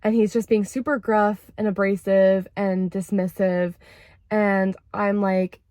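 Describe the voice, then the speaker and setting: A young woman chatting casually to camera about therapy, lively and expressive, acting out quoted lines with big jumps in pitch. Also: moderate pace, dry recording. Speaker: vlogger sharing therapy insights.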